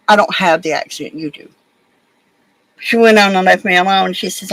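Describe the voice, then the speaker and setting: A woman with an Alabama accent hosts a relaxed beading livestream. She talks in a folksy, rambling way, telling stories and fussing at her beads as she works. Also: medium pitch, a little fast, dry recording, poor audio. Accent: Southern US (Alabama). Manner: folksy, rambling, chatty storyteller. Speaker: livestream host. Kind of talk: casual chat while beading.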